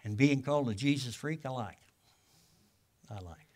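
An older man, a guest pastor, preaching a sermon in a folksy storytelling way, with casual grammar, swinging from loud exclamations to hushed asides. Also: medium pitch, normal speed, pauses often. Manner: colloquial grammar.

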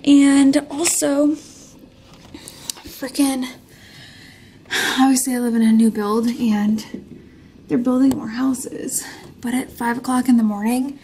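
Young woman, vlog, out of breath, breathy half-whisper, gravelly edge, high-ish voice, faint hiss. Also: steady tone, slow pace, pauses often, dark tone. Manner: rambling, chatty. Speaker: vlogger. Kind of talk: casual vlog chat. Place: home.

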